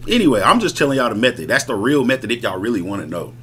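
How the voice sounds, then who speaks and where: A man's voice: mid-range voice, big pitch swings, rapid-fire, few pauses, fairly bright tone, a little hiss or hum. A man streaming live, talking casually and boastfully in slangy street talk. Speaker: streamer reacting to music. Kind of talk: casual livestream chat.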